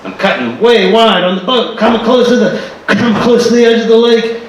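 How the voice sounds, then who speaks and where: A man from Florida telling comic stories on stage in an animated, exaggerated, playful way. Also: very high-pitched, moderate pace. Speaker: performer. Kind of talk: stand-up storytelling. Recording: echoey hall from far off with faint noise.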